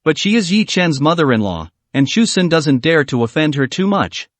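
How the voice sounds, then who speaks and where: A man narrating a translated fantasy novel as an audiobook, in an even, steady storytelling manner. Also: fairly high pitch, moderate pace, no echo.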